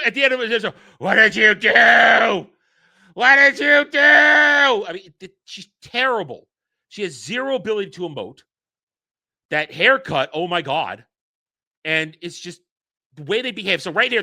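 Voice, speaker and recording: A man's voice: on the high side, pushed and bright, dry recording. A man reviewing a TV episode in casual commentary, ranting with exasperated sarcasm. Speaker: show reviewer.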